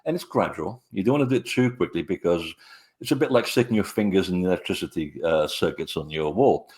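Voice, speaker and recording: A middle-aged man, a guest author, telling anecdotes in a relaxed, rambling way with many hesitations. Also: deep voice, fast talker. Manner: rambling, hesitant with frequent fillers. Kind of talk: conversational storytelling interview.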